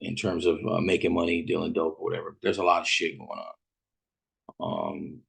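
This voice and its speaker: A deep-voiced man from Fresno, California, tells a story in a casual, rambling way, heavy with street slang and cursing. His voice is low and gravelly, with a husky edge. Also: fairly even intonation, moderate pace, a bit bright. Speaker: podcast host.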